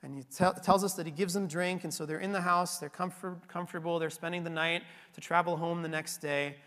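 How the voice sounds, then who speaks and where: A man's voice: fairly high pitch, fairly even intonation, a little fast, fairly bright tone, big-room sound. A man preaching a sermon, retelling a scripture story in a conversational way and checking in with frequent tag questions.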